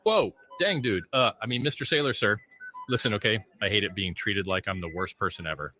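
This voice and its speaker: A man's voice: lowish voice, expressive, brisk, sharp tone, faint music behind. A man doing a whiny, crude fallen crypto boss. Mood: defensive. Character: whiny, crude male crypto founder who is down on his luck. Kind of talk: meme video skit.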